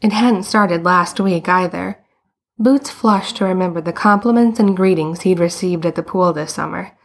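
A woman narrating a story in a calm, steady storytelling manner. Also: on the low side, normal speed. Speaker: audiobook reader.

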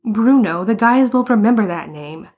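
A woman voicing an anxious, flustered young man in a story, with a rushed, pleading way of talking. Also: mid-range voice, lively intonation, a little mellow, pitched above the performer's own voice, close to an everyday voice. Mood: exasperated.

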